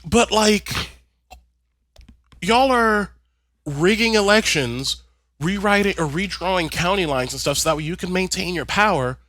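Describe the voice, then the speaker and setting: A man co-hosting a podcast, talking in a sassy, animated way as he rants about politics in casual chat. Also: high voice, measured pace, no room sound, studio quality. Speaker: podcast co-host.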